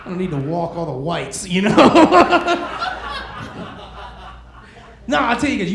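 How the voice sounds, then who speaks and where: Crude, high-voiced stand-up comic. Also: male voice, vocal fry. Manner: casual, crude, teasing the crowd. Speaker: stand-up comedian. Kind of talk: stand-up comedy set. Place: comedy club stage. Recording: echoey club room with crowd noise.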